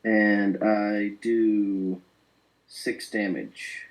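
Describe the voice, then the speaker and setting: A man playing a tabletop game, taking his turns in a deliberate, measured way. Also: on the low side, little pitch movement, low-quality recording. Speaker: player. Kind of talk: casual tabletop game chat.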